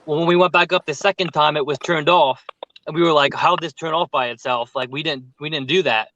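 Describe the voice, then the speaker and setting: A man telling a story with lots of fillers in casual chat on a group call, animated and talkative. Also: on the high side, a little fast, muffled recording, a little hiss or hum. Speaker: paranormal youtuber telling a story.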